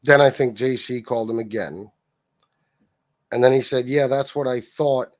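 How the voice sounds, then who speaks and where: A man's voice: mid-range voice, moderate pace, no room sound. Profane mocking man ranting on livestream. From Sicilian heritage. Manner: mocking, profane, laughing often. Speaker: livestream host.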